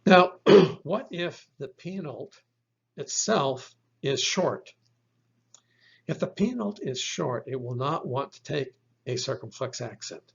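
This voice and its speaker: A man's voice: a little high, expressive, gravelly, slightly rough. A man teaching a recorded language lesson, explaining step by step and repeating each example word. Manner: slow, deliberate explaining with repeated example words. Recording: dull lo-fi recording.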